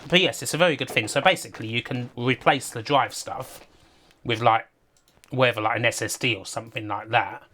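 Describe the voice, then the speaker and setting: A man chatting his way through a game on a livestream, rambling from one aside to the next and laughing often. His voice sits at an ordinary middle pitch for a man, and the delivery is loose and conversational. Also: fairly quick, pushed and bright. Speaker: streamer. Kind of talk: casual gaming livestream commentary.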